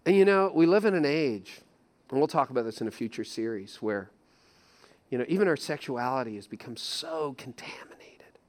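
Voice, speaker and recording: A man's voice: medium pitch, lively intonation, normal speed. A male pastor preaching in a conversational, emphatic way, often repeating his key phrases. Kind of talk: sermon.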